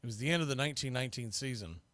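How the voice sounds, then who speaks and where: A man hosting fan play-by-play, rambling through opinionated asides between pitches on a close mic. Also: animated, rapid-fire, a bit bright, no room sound. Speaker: host and play-by-play announcer.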